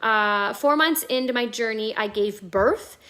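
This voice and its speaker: A woman telling her own story at home on a live video, chatty and animated, with a lot of "like". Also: fairly high pitch, measured pace. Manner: chatty, animated, many fillers like "like". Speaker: network marketing vlogger. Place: at home indoors, near a staircase. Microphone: live video call.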